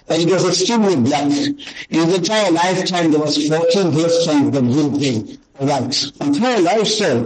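A man giving a sermon, reciting Arabic quickly and then explaining it in English in an earnest storytelling way. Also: sits high, low-quality recording. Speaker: Islamic teacher. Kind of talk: sermon on the Prophet's qualities.

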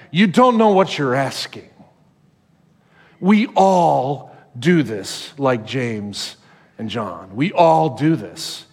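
A man pastor preaching a sermon, animated and acting out the voices he quotes. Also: a little high, in a large hall.

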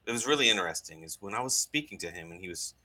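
Earnest man with a bright, low voice. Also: lively intonation, low-quality recording. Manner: earnest, halting, many restarts. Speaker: guest. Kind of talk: telling a personal story in an interview.

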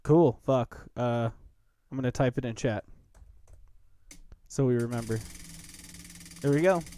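A man's voice: medium pitch, a little slow, warm tone, dry recording. A man co-hosting and producing a casual podcast, joking and teasing through a drinking game. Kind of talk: casual chat.

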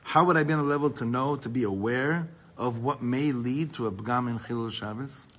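Speaking at a medium pitch, a man teaches Torah to a small group, moving quickly through Hebrew readings and then unpacking them energetically in English. The recording quality is low.

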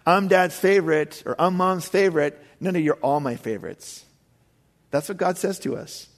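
A middle-aged man preaching a sermon as pastor, casual and conversational, with frequent asides to the congregation. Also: medium pitch.

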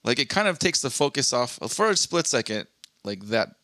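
Bright-voiced man reading Reddit aloud. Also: medium pitch, very animated, moderate pace, no echo, studio quality. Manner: crude, joking, reads posts aloud. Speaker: podcast co-host. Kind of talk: casual chat reading Reddit posts.

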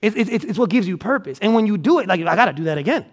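Male pastor, high voice, energetic sermon delivery, emphatic restarts. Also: racing. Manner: energetic, repetitive preaching with restarts and emphatic repeats. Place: church auditorium.

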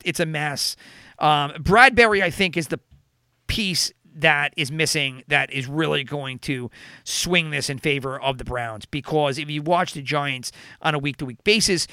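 A man's voice: fairly high pitch, pushed and bright, no echo. A man hosting a casual sports betting chat, rambling with lots of fillers and self-corrections. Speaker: podcast host.

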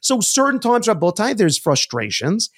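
A man co-hosting a podcast, telling a story in a casual, animated way and often repeating words. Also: high voice, normal speed. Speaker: podcast co-host. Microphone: studio mic.

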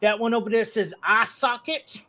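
A game master voicing a forgetful male crewman who speaks slowly and haltingly, filling pauses with "uh". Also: mid-range voice, sharp tone, voice pushed up, close to an everyday voice. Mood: apologetic. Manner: slow, halting, with many "uh"s. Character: forgetful male crewman apologizing for lost notes.

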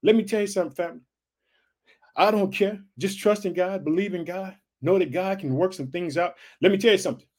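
Male podcast preacher, forties, high-pitched and fervent, repetitive exhortations. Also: fairly quick, darkish tone. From United States. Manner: fervent, repetitive calls of hallelujah and family.

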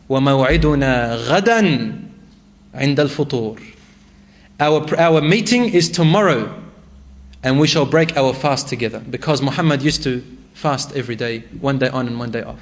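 A man's voice: mid-range voice, fast. A man preaching a sermon, reciting Arabic verses and retelling a story with rising emotion.

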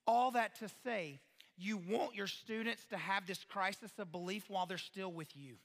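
A man, a pastor, giving an animated sermon-style talk to parents, acting out quoted voices and asking the audience questions. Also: high voice, moderate pace, in a large hall.

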